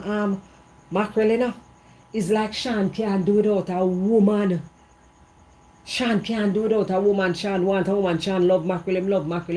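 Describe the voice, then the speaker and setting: A woman's voice: mid-range voice, mellow, slight background noise. A Jamaican woman in a casual gossip monologue, repeating herself for emphasis in patois, speaking outdoors in an evening breeze. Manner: repetitive, emphatic storytelling in patois. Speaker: vlogger.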